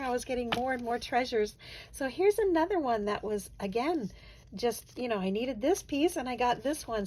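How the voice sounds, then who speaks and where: A woman with a fairly high voice walks through her handmade cards in a casual show-and-tell. She gushes over each piece and laughs easily. A faint room ambience sits behind her. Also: slight background noise, rough recording. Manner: gushing, effusive, quick to laugh. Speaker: craft channel host.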